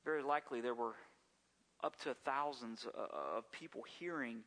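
Folksy preacher with a bright voice. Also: male voice, mid-range voice, normal speed, big-room sound. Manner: folksy storytelling with frequent word repeats. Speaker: pastor. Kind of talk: sermon.

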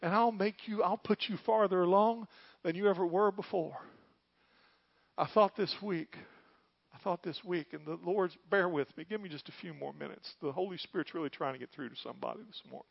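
Fervent pastor preaching, lo-fi. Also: male voice, sits high, a little fast, gravelly, husky, no room sound. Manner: fervent preaching, swinging from loud cries to hushed tones. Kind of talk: sermon.

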